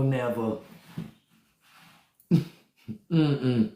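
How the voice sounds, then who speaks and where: Brief: livestream host, casual profane chatter, laughs a lot, mid-pitched, roomy echo. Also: expressive, a little slow. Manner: loose, profane storytelling with frequent laughter and hums. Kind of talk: casual livestream chat with viewers.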